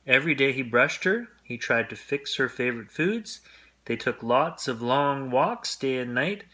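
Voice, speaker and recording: A man reading a children's picture book aloud as a bedtime story in a gentle, friendly way. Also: medium pitch, lively intonation, a little slow.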